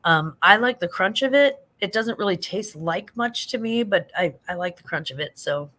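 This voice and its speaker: A middle-aged woman rambles through a late-night livestream, chatting with viewers and reading their comments aloud. She laughs often and fills her talk with "um" and "like." Her voice sits at a middle pitch for a woman. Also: lively intonation, moderate pace, a bit bright. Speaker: livestream host.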